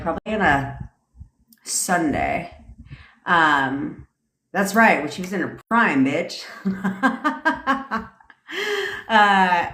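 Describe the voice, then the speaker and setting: Woman, casual livestream chat, brash and profane, lower voice, lively pitch, echoey room. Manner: brash, profane, laughs often. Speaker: manifestation coach.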